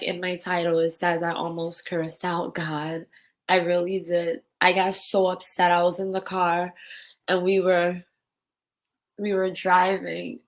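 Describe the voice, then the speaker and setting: Tearful candid woman vlogging. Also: on the low side. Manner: raw, tearful and candid, swears. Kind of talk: emotional personal vlog.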